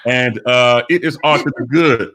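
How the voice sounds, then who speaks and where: A man hosting a live online radio show, chatting casually and giving listeners shout-outs. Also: mid-range voice, moderate pace.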